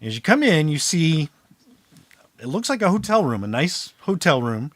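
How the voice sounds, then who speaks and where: A man's voice: fairly high pitch, very animated, normal speed, a bit bright, no room sound. A man narrating as game master, setting scenes in a loose, chatty way full of fillers.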